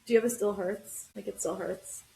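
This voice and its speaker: A woman in her thirties talking casually as a podcast host, ranting with quick asides. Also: mid-range voice, fairly even intonation, gravelly, a little mellow. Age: 30s. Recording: roomy echo.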